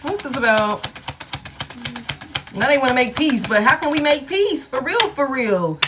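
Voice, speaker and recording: A woman's voice: high-pitched, expressive, measured pace, background noise. A woman giving a casual tarot reading, blunt and profane, repeating key lines for emphasis and laughing often. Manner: laughs often between remarks. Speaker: tarot reader.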